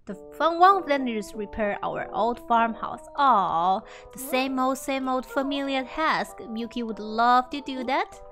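Bubbly female gamer, high-pitched, gushes over everything, game music under her voice. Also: lively intonation, a little slow, few pauses, fairly bright tone. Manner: bubbly, gushing, refers to herself by name in third person. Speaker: gaming YouTuber. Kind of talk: let's play commentary.

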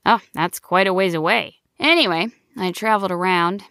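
A woman putting on a rambling raspy young gnome boy. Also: lowish voice, moderate pace, no echo, clean studio sound. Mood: chatty. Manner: rambling, self-interrupting. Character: nervous chatty male gnome, about nine. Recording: soft background music.

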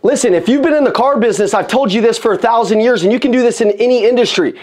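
A man giving an energetic motivational talk on sales to an audience, repeating phrases for emphasis. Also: very high voice, quick pace. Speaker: sales coach. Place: room with an audience.

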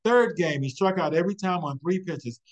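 A man presenting a webinar, telling a motivational story with a rhythmic, repeated refrain and building excitement. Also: high voice, moderate pace, rough recording.

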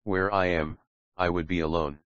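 Reader doing proud jealous young man, curt, demanding, deep voice, dry. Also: fairly even intonation, moderate pace, fairly bright tone, no room sound, dull audio.

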